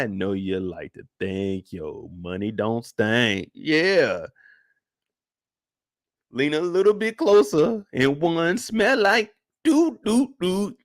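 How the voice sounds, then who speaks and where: Young guy hosting a casual after-show, slangy, kinda high voice that jumps all over, big loud outbursts. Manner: animated, slangy, acts out reactions with loud outbursts. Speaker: host.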